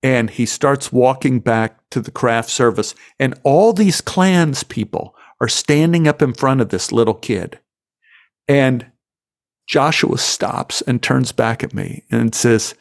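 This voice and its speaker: A man telling anecdotes from his acting career, emotional and animated. He restarts his sentences often and leans into the telling. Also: mid-range voice, slow pace, gravelly. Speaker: actor guest. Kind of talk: anecdotal storytelling in an interview.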